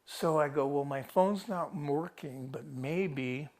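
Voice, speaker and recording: A man with a slightly high, darkish voice speaks slowly, describing to a TV reporter how he was rescued after getting lost hiking. It's a rambling, casual first-person story where he keeps restarting sentences and quoting what he was thinking.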